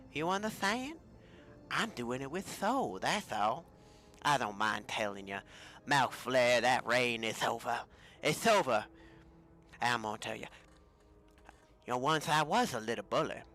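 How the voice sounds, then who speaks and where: A man's voice: mid-range voice, sharp tone. A man voicing a boastful heavyset male wrestler who cuts a promo in a swaggering drawl, calling everyone baby, in a tabletop role-play.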